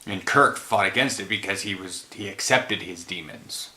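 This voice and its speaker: A worn-out man chatting casually as host, rambling and leaving thoughts half-finished. His voice is on the low side with a bright, forceful edge. The room gives it a roomy echo. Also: moderate pace, a little hiss or hum. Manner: rambling, trailing off mid-thought. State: tired after a run. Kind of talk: casual film chat.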